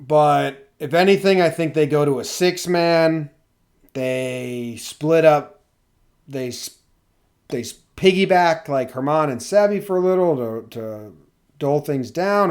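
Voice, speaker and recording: A man's voice: medium pitch, darkish tone. A man co-hosting a podcast in casual chat, teasing his partner and talking baseball. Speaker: podcast co-host.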